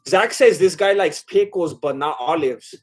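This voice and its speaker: A man with a slightly high-pitched voice hosts a casual live stream. He chats loosely with his viewers and reads their comments aloud. He laughs often and drifts a bit while eating. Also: measured pace. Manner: chatty and scattered, laughing often. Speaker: livestream host. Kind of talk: casual live watch-along chat reading viewer comments.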